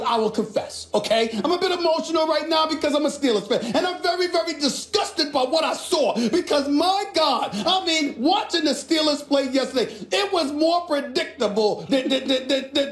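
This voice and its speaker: A man argues on a sports debate show with a loud, emphatic, repetitive rant. His voice sits in a roomy space with audible echo. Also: very high voice. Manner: emphatic, ranting, repeats himself.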